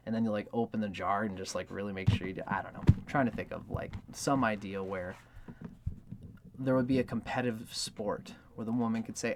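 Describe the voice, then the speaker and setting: Rambling man with a lowish voice. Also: steady tone, brisk, a little mellow, slight background noise. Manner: rambling, heavy on filler words; acts out quoted lines. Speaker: astrology video host. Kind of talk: casual explanatory monologue.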